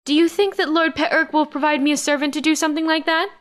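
A woman's voice: mid-range voice, fast, a bit bright, close to an everyday voice. A woman narrator voicing a spoiled, whining older woman in an audiobook. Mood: whiny. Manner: whining, entitled.

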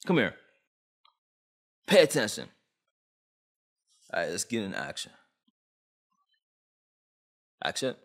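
A man's voice: fairly low pitch, huge pitch swings, unhurried. A young man from Canada ranting on camera about a law, agitated, blunt and full of slang. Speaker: vlogger. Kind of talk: heated opinion rant.

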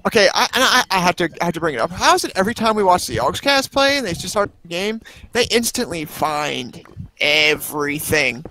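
Young male co-player, animated pitch, cursing, noisy mic. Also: fairly quick. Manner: swears freely, narrates his own struggles. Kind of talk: casual gaming chat. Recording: noisy recording.

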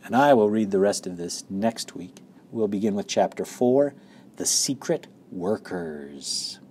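A man's voice: on the low side, normal speed, mellow, slight background noise. A man reading a children's book aloud expressively, with occasional slips. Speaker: reader.

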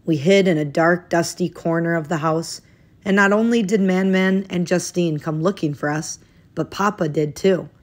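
A woman's voice: fairly low pitch, normal speed. A woman reading a children's picture book aloud, lifting her voice expressively as each new day in the story begins.

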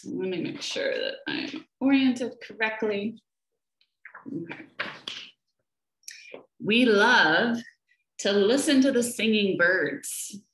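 A woman educator reading a picture book aloud to young children, gentle and slow, often asking them questions, over a webcam. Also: medium pitch, very animated. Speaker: children's nature program educator. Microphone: laptop or webcam for a video session. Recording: echoey room.

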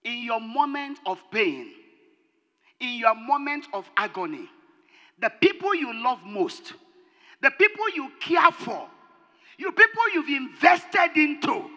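A woman pastor preaching an impassioned sermon, rising to shouted peaks and dropping low. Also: big pitch swings, a little slow. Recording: long hall reverb.

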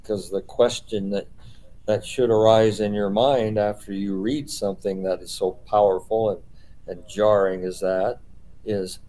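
Man, Bible study leader, low voice, mellow tone, patient explaining, rhetorical questions. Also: flat delivery, a little slow, poor audio. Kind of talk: teaching a small group.

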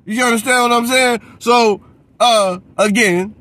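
Guy going off about boxing, high voice, cussing, aave, keeps saying he's sick of it. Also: fairly even intonation, unhurried, pushed and bright, no echo. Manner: profane, repeats a catchphrase, mocks others in put-on voices. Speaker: boxing commentator. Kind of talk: heated rant.

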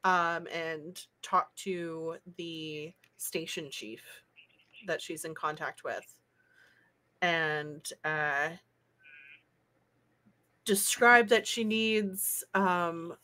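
A woman playing a tabletop game, talking slowly and hesitantly with many fillers. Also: deep voice, sharp tone. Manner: slow, hesitant, lots of uhs. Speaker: player. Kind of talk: casual tabletop game play.

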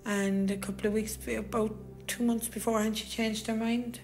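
A middle-aged Irish woman, a bereaved mother, recounting events at home in a soft, halting way with many restarts. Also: on the high side, flat delivery, soft background music. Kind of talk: emotional personal account. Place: family home indoors.

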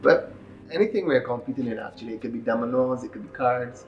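A young man chats with a close friend in an easygoing way. He laughs often and restarts his sentences. His voice sits at an average pitch, picked up from a distance in a roomy space with soft music underneath. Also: fast, dull audio. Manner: relaxed, laughing, hesitant restarts. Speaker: cricketer, interview guest. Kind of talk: casual chat between friends.

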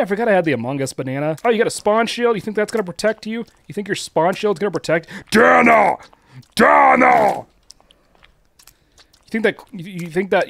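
An excitable man talks through a live game stream, teasing the other players as he goes. His voice sits a little high and swoops up and down constantly. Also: no room sound. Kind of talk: live gameplay commentary.

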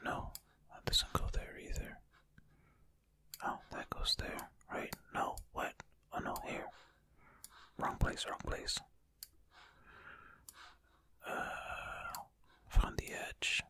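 A man's voice: takes it slowly, pauses often, sharp tone. A man whispering ASMR commentary close to the microphone, fretfully muttering to himself as he plays. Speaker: ASMR creator.

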